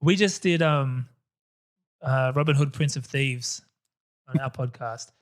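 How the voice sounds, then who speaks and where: A man guesting on a podcast, chatting casually about films in an animated, opinionated way and laughing often. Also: mid-range voice, unhurried. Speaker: podcast guest, co-host of another podcast. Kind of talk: casual film chat.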